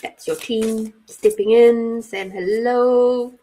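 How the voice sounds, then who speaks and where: A middle-aged woman from Australia who reads cards for a live-stream audience and talks to them casually. Her voice sits a little high, and she speaks at a slow, easy pace. She giggles often and warmly greets her viewers by name. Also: steady tone. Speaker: intuitive card reader and live-stream host.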